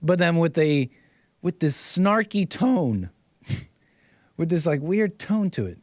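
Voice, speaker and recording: A man's voice: on the high side, very animated, takes it slowly, a little mellow, no room sound, clean studio sound. A man hosting casual online commentary, mocking and rambling, repeating himself and chuckling often.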